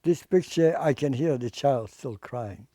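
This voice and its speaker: Older man giving halting testimony. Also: medium pitch, dark tone, no echo, studio quality. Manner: halting, repeats words, plain non-native English. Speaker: Holocaust survivor and artist. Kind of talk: personal testimony.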